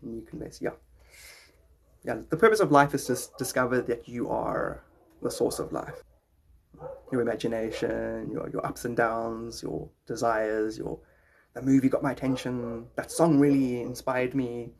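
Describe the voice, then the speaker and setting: A man's voice: medium pitch, steady tone, moderate pace, creaky, slight background noise. A man hosting a podcast, rambling in a jokey, philosophical way. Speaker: podcast host. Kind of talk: rambling casual talk.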